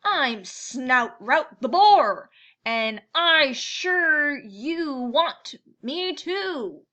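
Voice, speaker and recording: Storybook boar, stubborn male, slow loud drawl, bright edge; woman reader doing it. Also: high-pitched, lively intonation, voice pushed up, heavily acted. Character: determined male wild boar, stubborn and gruff.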